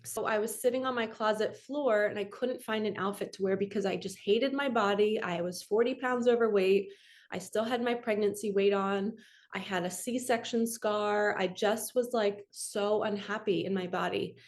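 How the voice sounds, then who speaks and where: A woman's voice: medium pitch, fairly even intonation, normal speed. A woman in her forties, a manifestation coach, telling a personal story in a candid, emotional, rambling way.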